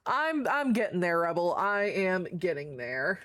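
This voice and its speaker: A woman's voice: fairly low pitch, very animated, measured pace, few pauses, a bit bright, dry recording, clean studio sound. A woman streamer chatting casually with her viewers, greeting them by name, affectionate and swearing freely. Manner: swears freely while reading chat aloud. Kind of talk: casual live-stream chat.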